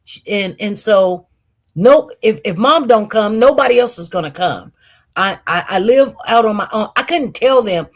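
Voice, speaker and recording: A woman casually telling a personal story, candid and animated, with frequent restarts and acted-out quotes. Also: mid-range voice, moderate pace.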